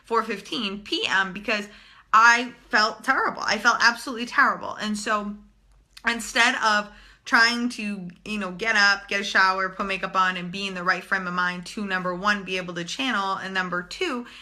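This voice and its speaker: A woman's voice: medium pitch, moderate pace, bright, forceful tone. A young woman talking casually and bluntly to viewers in a live stream, swearing freely as a spiritual channeler.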